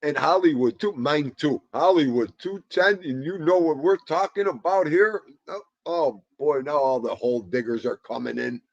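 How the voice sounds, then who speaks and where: A man hosting a livestream, rambling excitably and greeting viewers by name. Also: on the high side, moderate pace, gravelly, few pauses, dry recording, dull audio. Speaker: livestream host. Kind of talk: casual chat.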